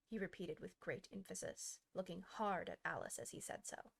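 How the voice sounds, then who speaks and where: A woman's voice: lowish voice, normal speed, vocal fry, few pauses, husky. Woman reading a classic storybook aloud. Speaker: audiobook narrator, host.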